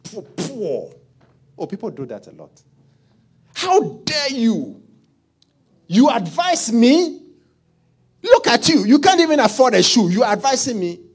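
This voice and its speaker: A man doing a loud, sneering rich snob. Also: medium pitch, wildly swooping pitch, rapid-fire, hardly any pauses, breathy edge, heavily acted. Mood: indignant. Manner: loud, taunting, mocking.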